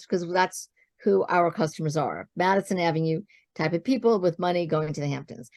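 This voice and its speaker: Lady guest spinning a lively story, acts out the quotes, dry close sound. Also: medium pitch, brisk, no room sound. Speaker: guest, business founder. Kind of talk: storytelling interview talk.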